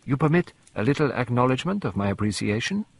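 A man voicing a fussy, polite elderly male detective who speaks precisely and formally, in a husky voice. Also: mid-range voice, big pitch swings, quick pace, pitched above the performer's own voice, full character voice. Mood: courteous.

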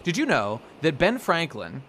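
A man's voice: on the high side, wildly swooping pitch, unhurried, fairly bright tone, slight background noise. Rambling, profane man on a podcast. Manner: rambling, profane, acts out characters' lines. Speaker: podcast co-host. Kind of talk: casual chat.

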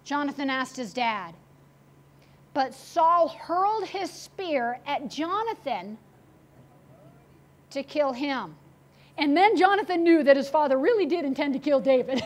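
A woman pastor preaching a sermon, retelling a story with animated, acted-out quotes. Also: high voice, measured pace.

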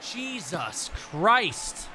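A man hosting a gameplay commentary, excitable and profane, talking to his chat. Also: high-pitched, drawn-out words, a little hiss or hum. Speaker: let's play host.

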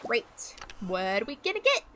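A young woman with a bright, crisp voice talks casually to her stream while she plays a farming game. She rambles loosely and fills quiet moments with little hummed sounds. A faint hiss sits under the recording. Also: fairly high pitch, huge pitch swings, moderate pace. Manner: chatty, hums and makes little sounds to herself. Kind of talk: casual gameplay chatter.

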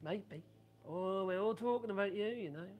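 A man with a Norfolk accent and a raspy, coarse voice, rambling casually on a live stream and reading out viewer comments. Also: high voice, normal speed, a little mellow, a little hiss or hum. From Norfolk, England. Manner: rambling and chatty, many ums and restarts. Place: home workshop.

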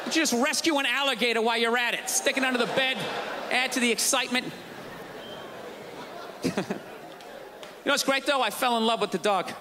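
A male stand-up comedian ranting sarcastically on stage before a live audience, often shouting his punchlines. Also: very high-pitched, noisy background. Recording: live show with crowd laughter. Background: audience laughter and ambience.

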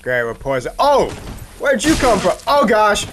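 A young man joking his way through a video game as a let's play commentator, with sudden excited yelps. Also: high-pitched, normal speed, noisy background. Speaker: gaming YouTuber.

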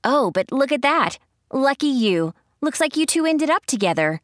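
A woman voicing a stern but fond young female proctor who speaks briskly and drily. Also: sits high, sing-song, no echo, studio quality, pitched above the performer's own voice.

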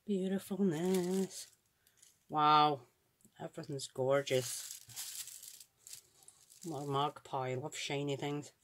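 A woman's voice: low voice, steady tone, takes it slowly, pauses often, a little hiss or hum. A Scottish woman hosting a crafts channel, chatting casually and gushing with admiration as she opens and looks over craft supplies. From Scotland. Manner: gushing, admiring, thinks aloud. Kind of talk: casual unboxing chat.

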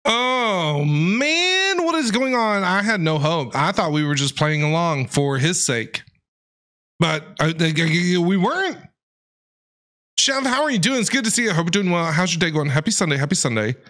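A man streaming and reacting to a game, animated, incredulous and joking. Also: sits high, measured pace. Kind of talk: casual gameplay reaction commentary.

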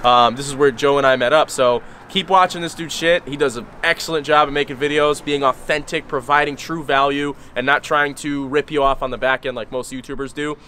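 A man who owns a digital agency, born in Brazil and raised in Connecticut, explaining his business in a quick, matter-of-fact way. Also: medium pitch, steady tone, pushed and bright. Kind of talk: casual interview talk. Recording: outdoor street noise behind the voice.

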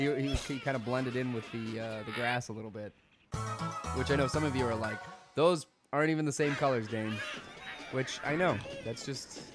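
A young man hosting a video game let's play, rambling goofily and suddenly yelling a silly word. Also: medium pitch. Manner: goofy, rambling, randomly yells a silly word. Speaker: gaming channel host.

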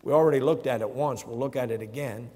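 Husky-voiced man preaching in a reverberant church. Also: medium pitch, fast, warm tone. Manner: emphatic preaching with rhetorical questions to the congregation. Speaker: pastor. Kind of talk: sermon.

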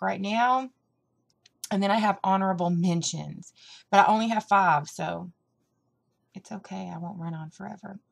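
A woman's voice: mid-range voice, gravelly. Chatty young woman with a country twang. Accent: American Southern country. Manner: chatty and rambling, with lots of fillers. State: hyper from caffeine. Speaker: vlogger. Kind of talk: casual chat.

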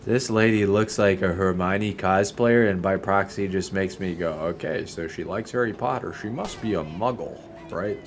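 A man's voice: sits low, normal speed, hardly any pauses, a little hiss or hum. A young man giving casual, profane, joking commentary while he plays a video game. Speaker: gameplay streamer.

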